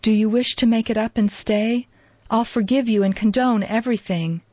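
Woman doing sick sad older guy, murmury and husky, dull dry lo-fi sound. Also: fairly high pitch, fairly even intonation, moderate pace, darkish tone, dry recording, lightly acted. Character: ailing middle-aged man, sad and forgiving.

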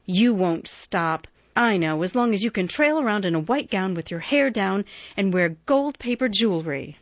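A woman's voice: medium pitch, lively intonation, moderate pace, dry recording, muffled recording. A woman voicing a proper, motherly eldest teenage sister in a storybook, composed and a little lecturing. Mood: teasing.

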